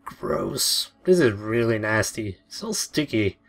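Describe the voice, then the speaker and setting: A man's voice: on the low side, big pitch swings, slow pace, creaky, full character voice. A man voicing a nervous teenage girl who speaks in a shaky, uneasy way.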